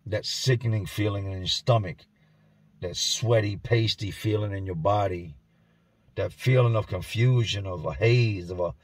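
A man telling a grim first-person story in a somber, intense way, often dropping to a hush, recorded indoors at home. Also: on the low side, normal speed, husky, dry recording. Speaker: storyteller and channel host.

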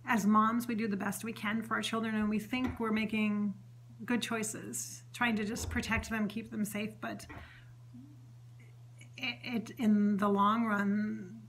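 A woman talks through a spirit-channeling session in a loose, chatty ramble, full of "um" and "you know" and restarts. Her voice is bright and forward, and her tone stays earnest and heartfelt as she passes on what she says the spirit tells her. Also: mid-range voice, breathy edge. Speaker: psychic medium host. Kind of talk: spontaneous channeling session monologue.

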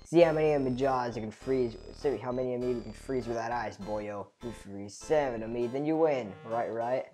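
A woman's voice: extremely low pitch, normal speed, hardly any pauses, warm tone, faint music behind, rough recording. A woman voicing a boastful male ghost with a put-on British accent, taunting the player. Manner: taunting, cocky. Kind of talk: video game voice-over.

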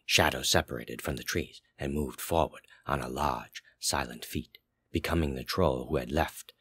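A man narrating a fantasy story aloud in a slow, measured way. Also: a bass voice, a bit bright, slightly rough, dry recording. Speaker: story reader. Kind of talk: audiobook narration.

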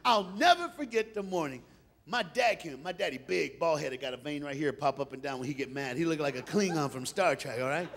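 A high-voiced preacher tells a comic story, his pitch swinging widely as he laughs along. His voice has a gravelly edge, and faint noise sits behind him. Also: brisk. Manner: animated, laughing, playful.

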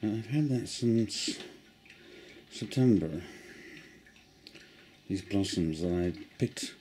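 A man's voice: lowish voice, takes it slowly, pauses often, dark tone, slight background noise. A middle-aged man from South Africa, chatting in a meandering, self-mocking way to a handheld camera. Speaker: vlogger. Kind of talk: rambling casual vlog. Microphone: handheld camera mic.

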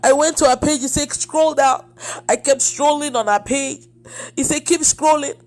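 A woman's voice: high-pitched, steady tone, normal speed, a little mellow, faint music behind. A woman preacher giving an emotional testimony, acting out the dialogue as she tells it. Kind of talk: testimony sermon.

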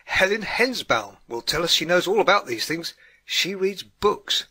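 A man's voice: sits high, big pitch swings, measured pace, sharp tone, breathy edge, pitched above the performer's own voice, exaggerated voice. A man voicing a dour, skeptical older woman who grumbles and snorts at her neighbour.

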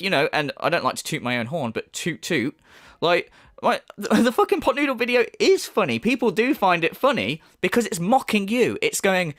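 A man's voice: high voice, a bit bright. Mocking, sweary man ranting. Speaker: YouTube commentator. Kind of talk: casual rant commentary.

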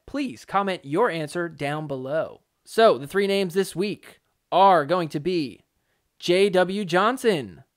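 Chatty joking male podcast host. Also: a little high. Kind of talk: solo commentary podcast.

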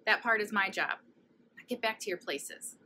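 A woman reading a children's picture book aloud, animated and playful, with hushed asides. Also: medium pitch, moderate pace, background noise. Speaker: storybook reader.

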